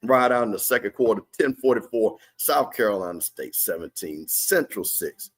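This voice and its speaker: This man has a lowish, animated voice with a breathy edge, speaking at a normal speed. He's hosting a watch party stream, loosely commentating on a live game and reading out viewer remarks.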